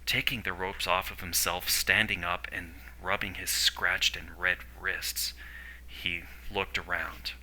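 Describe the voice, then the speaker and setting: A man narrating a story in a steady, descriptive way. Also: sits low, takes it slowly, rough recording.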